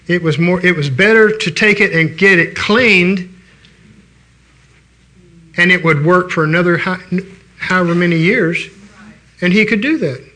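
A man's voice: high voice, measured pace, pauses often, sharp tone. An older man preaching a sermon in a folksy, conversational way, telling stories and restarting his sentences.

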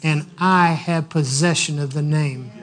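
A man preaching a sermon, telling stories in an animated way and laughing heartily as he acts them out. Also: on the high side, unhurried. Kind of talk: sermon with storytelling.

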